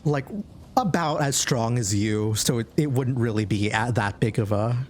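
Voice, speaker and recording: A man's voice: mid-range voice, normal speed, a little mellow, a little hiss or hum. A man narrating a tabletop game as game master, casual and rambling with many fillers.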